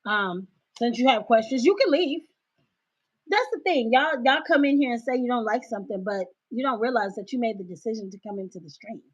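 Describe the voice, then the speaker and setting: Give me a loud, emphatic woman live-streaming from a cell phone, with a slightly high voice and a dull, muffled sound. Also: animated, fairly quick, slightly rough. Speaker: livestream host. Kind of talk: casual livestream chat.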